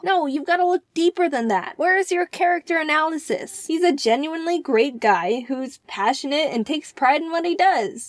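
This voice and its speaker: Young woman, comedic storyteller, self-deprecating, slightly high pitch, dry close sound. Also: no room sound. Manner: chatty, self-deprecating, bursts of excitement. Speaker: animation storyteller. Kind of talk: casual comedic commentary.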